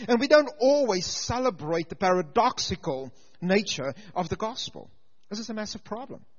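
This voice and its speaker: A man preaching a sermon with stories and humor, swinging from loud emphasis to quiet intensity. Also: high voice, long reverb tail. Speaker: pastor and teacher. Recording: dull lo-fi sound.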